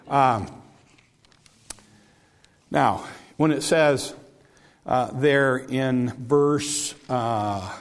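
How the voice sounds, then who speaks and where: A man's voice: medium pitch, extremely slow, pauses often. A man preaching a sermon in a conversational way, often repeating words and restarting his sentences.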